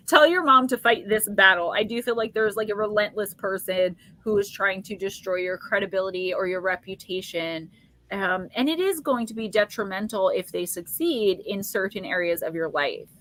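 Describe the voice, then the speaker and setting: A woman in her forties hosting a casual live psychic stream, chatty and quick to laugh as she talks straight to her viewers. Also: mid-range voice, sharp tone. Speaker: psychic livestream host.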